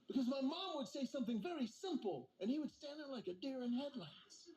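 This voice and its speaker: A man's voice: very high voice, sing-song, a little fast, a little mellow. Man telling jokes on a roomy stage. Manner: storytelling, acts out quoted voices, talks to audience. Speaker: stand-up comedian. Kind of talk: stand-up comedy set. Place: stage before a live audience.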